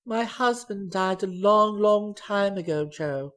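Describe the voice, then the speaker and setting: A reader voicing an elderly aunt, a former stage performer with a grand manner, speaking slowly and quietly. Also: mid-range voice. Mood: tender.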